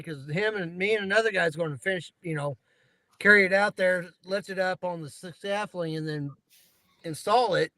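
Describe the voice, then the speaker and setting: A man's voice: high-pitched, bright, forceful tone, no echo, rough recording. A man telling rambling work stories in casual chat, laughing at himself.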